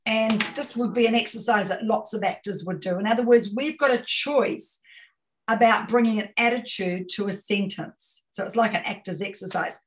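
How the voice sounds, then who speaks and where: A woman with a New Zealand accent, a communication consultant giving an expressive webinar talk over a video call, often repeating words as she goes. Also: medium pitch, normal speed, far from the mic, low-quality recording. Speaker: guest speaker, communication consultant.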